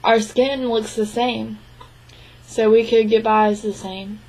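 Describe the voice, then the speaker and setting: A young woman interpreting a signed interview into spoken English, speaking in short, halting phrases with restarts and frequent throat clearing. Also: a little high, fairly even intonation, darkish tone, low-quality recording. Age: young adult. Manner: clears her throat often. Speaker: sign language interpreting student.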